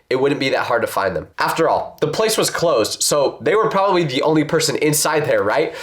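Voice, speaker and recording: Animated male storyteller, roomy sound. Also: on the high side. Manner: expressive, self-mocking, dramatic pauses. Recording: roomy echo.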